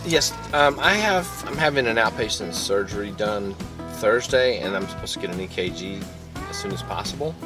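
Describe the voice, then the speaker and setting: A man's voice: fairly low pitch, animated, normal speed, over music. A man with a Southern US accent, rambling through a casual vlog story and a phone call, often restarting and repeating words. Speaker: vlogger.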